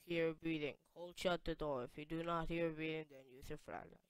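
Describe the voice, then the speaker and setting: A let's play gamer giving casual gameplay commentary, excitable, reading on-screen text aloud and breaking into sudden loud yelps. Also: mid-range voice, normal speed, clear, resonant tone, dry recording, studio quality.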